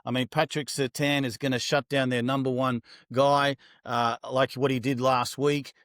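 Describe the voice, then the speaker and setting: A man co-hosting a sports podcast, talking in a relaxed, halting way with many fillers. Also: medium pitch, no room sound, studio quality. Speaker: podcast co-host. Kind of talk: casual sports chat.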